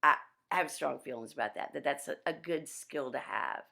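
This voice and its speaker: A woman piano teacher giving a workshop over a video call, chatty and animated, with restarts. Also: a bass voice, moderate pace, gravelly.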